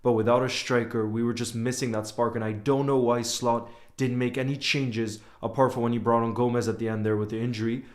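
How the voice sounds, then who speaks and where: This man streams his live reactions to a football match, talking a little fast at medium pitch in a level tone, with hardly any pauses. As a fan streamer giving watchalong commentary, he's emotional and outspoken, says "bro" often, and alternates between outrage and gloomy reflection.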